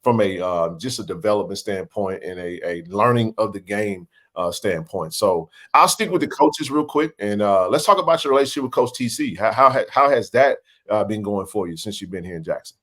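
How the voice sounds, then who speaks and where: A man's voice: fairly low pitch, animated, fairly quick, few pauses, a bit bright. A man hosting a casual sports interview, asking long, winding questions. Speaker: podcast host.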